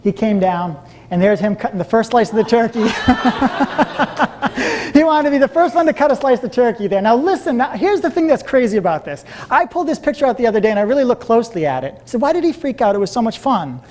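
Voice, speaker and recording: A man giving a motivational seminar talk to a live audience, telling stories in an animated way and laughing often. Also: very high-pitched, a little fast, slight background noise. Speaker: seminar speaker.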